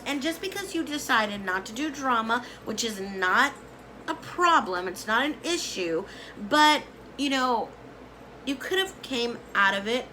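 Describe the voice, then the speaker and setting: A woman vlogger ranting casually to camera about beauty influencers, emphatic and animated, repeating words for emphasis and calling people honey. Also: a little high, slight background noise, low-quality recording. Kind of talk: casual opinion rant to camera.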